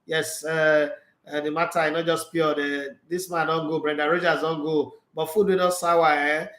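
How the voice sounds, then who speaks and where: A sports channel host with a Nigerian Pidgin English accent runs an excitable live football chat, laughing and switching freely between Pidgin and English. His voice is a bit high for a man, his pace moderate, and the room rings with a noticeable echo.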